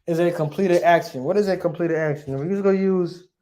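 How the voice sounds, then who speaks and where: A man's voice: high voice, a little fast, dark tone, roomy sound. A male teacher giving a grammar lesson, asking his class questions and answering them himself, often checking with "right?".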